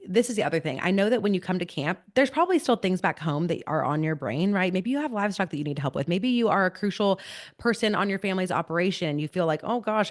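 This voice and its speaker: A woman from California in her thirties, a motivational speaker chatting in an upbeat, encouraging way as a podcast guest. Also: fairly low pitch. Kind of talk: podcast interview.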